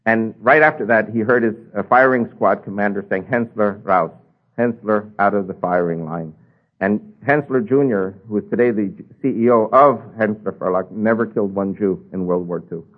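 Husky man telling a testimony over radio. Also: fairly low pitch, a little fast, hardly any pauses. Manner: animated storytelling with rises and drops. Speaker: speaker giving a testimony. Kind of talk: personal testimony talk. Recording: tinny phone-like radio broadcast.

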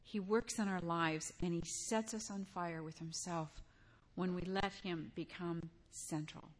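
A woman's voice: lowish voice, steady tone, a little slow. An older woman preaching a sermon in a conversational way, weaving in personal stories and asking her listeners direct questions.

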